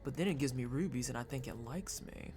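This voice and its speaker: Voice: brisk, background noise. A streamer giving casual, profane commentary while playing a game and chatting with viewers. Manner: profane, chatty, jumps into high-pitched silly voices.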